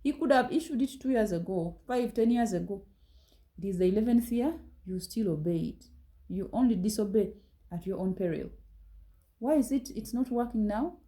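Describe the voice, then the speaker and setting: A woman's voice: medium pitch, expressive, normal speed, mellow, rough recording. A woman giving a talk on relationships, direct and reproving, firing pointed rhetorical questions at her listeners. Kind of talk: scolding motivational talk.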